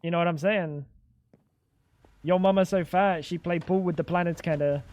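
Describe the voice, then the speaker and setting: A young man with a fairly high voice, chatting loosely while he plays a game on a livestream. He jokes, teases, and riffs back at his viewers in a relaxed, casual way. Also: normal speed. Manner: joking, chatty, talks back to chat. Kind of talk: casual gaming stream chat.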